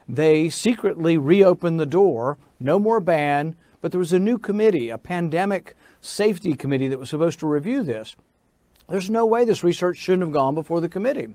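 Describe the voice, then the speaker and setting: A man's voice: high-pitched, creaky, a little mellow, dry recording. A middle-aged American man who is a senator, telling a story in an interview in an insistent manner that builds to indignation. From United States.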